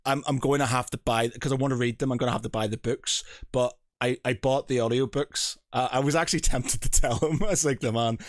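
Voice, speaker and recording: A man's voice: medium pitch, fairly even intonation, brisk, few pauses, no echo. Rambling male podcast host, dry sound. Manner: rambling, hunting for names, casually swears. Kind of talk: casual podcast chat.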